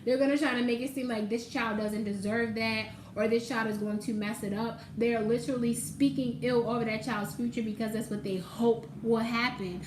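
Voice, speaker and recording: A woman's voice: a little high, steady tone, moderate pace, hardly any pauses, echoey room, slight background noise, poor audio. A woman doing a casual tarot reading, talking straight to the viewer with emphasis and casual swearing. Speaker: tarot reader.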